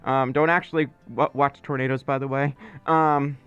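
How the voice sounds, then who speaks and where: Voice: mid-range voice, fairly even intonation, brisk, fairly bright tone, clean tone, no room sound, dull audio, soft background music. A streamer from Mississippi, rambling in casual livestream chat and still coughing from being ill. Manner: rambling, playful, teasing. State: lingering cough.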